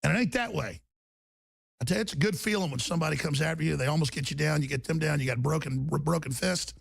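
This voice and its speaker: A male radio host delivering an impassioned rant, intense and repetitive, breaking into shouting. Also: a little high, very fast, creaky, husky, no echo, studio quality.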